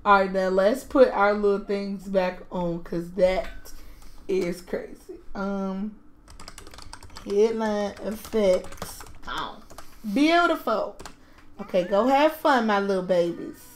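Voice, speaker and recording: A woman's voice: mid-range voice, takes it slowly, a little hiss or hum. Doting woman gushing over her game. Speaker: game streamer. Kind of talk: casual gameplay commentary.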